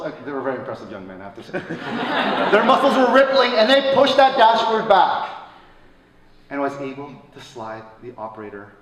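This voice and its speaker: A man telling a personal story at a live show, swinging between loud excited bursts and quiet somber lines. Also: medium pitch. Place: stage at a live radio show. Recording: echoey stage from a distance, faint room noise.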